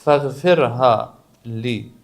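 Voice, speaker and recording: A male preacher giving a sermon, switching between quick Arabic recitation and relaxed English explanation. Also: medium pitch. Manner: chants Arabic lines rapidly then explains in casual English.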